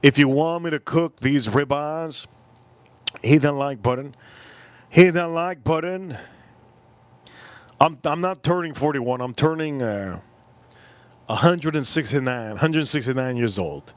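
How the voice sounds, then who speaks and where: A man's voice: unhurried, pauses often, dry recording. A man in his forties hosting a casual live stream, telling a rambling story and repeating himself. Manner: rambling, repeats himself, jumps into loud high-pitched impressions. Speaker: livestream host.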